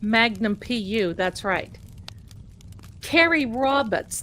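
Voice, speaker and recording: A woman with a Boston accent hosting a tarot livestream, talking in a casual, animated and sarcastic way and repeating phrases for emphasis. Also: medium pitch, takes it slowly, a little hiss or hum.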